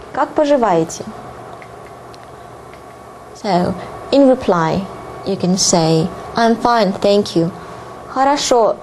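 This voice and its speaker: A woman giving a spoken language lesson, repeating each phrase slowly and clearly with the odd filler. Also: medium pitch, a little mellow, slight background noise, rough recording. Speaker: language teacher. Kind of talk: slow, careful language lesson.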